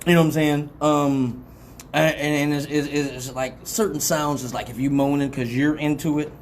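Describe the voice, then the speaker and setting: A woman's voice: deep voice, fairly even intonation, moderate pace, slight background noise. Brash, profane woman hosting a live show. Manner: profane, blunt and rambling; laughs often and acts out quoted voices. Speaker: radio show host. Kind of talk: live call-in radio talk.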